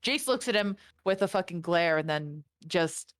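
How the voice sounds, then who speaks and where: A woman's voice: lowish voice, animated, normal speed. A woman narrating as game master, casual and swearing a lot. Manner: casual, swearing, voices the figures. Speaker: dungeon master.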